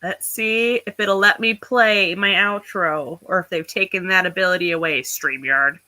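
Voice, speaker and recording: A woman's voice: on the low side, normal speed, pushed and bright, poor audio. A woman hosting a casual writing livestream, chatty and thinking aloud as she reads and talks. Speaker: livestream host of writing sprints.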